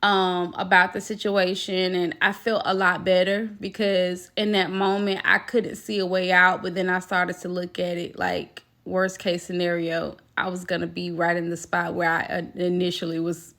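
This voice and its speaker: A woman's voice: lowish voice, flat delivery, moderate pace, few pauses, a bit bright. A woman telling a personal story to her viewers in a casual storytime vlog, emphatic and talking straight to them. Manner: emphatic, talks straight to viewers, acts out quoted voices.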